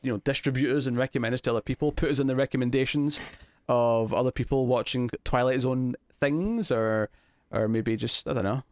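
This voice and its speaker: A young Scottish man co-hosts a relaxed TV review chat, joking, teasing and laughing a lot. His mid-range voice is fairly quick and a little mellow. The recording is dry and studio quality.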